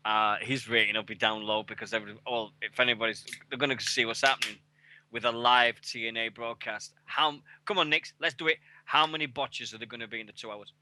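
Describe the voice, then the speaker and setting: Man, radio host, sweary rambling chat, sharp forceful tone, dry close headset sound. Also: mid-range voice, steady tone, a little fast, no echo. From England. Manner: sweary, rambling, laughing at himself. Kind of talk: casual chat on a web radio show.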